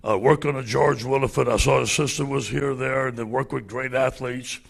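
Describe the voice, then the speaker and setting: A man in his sixties with a gravelly, husky voice, telling animated stories as a guest speaker on a handheld mic. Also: medium pitch, moderate pace. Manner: animated storyteller, acts out loud exclamations. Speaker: football coach guest speaker. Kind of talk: storytelling at a club luncheon.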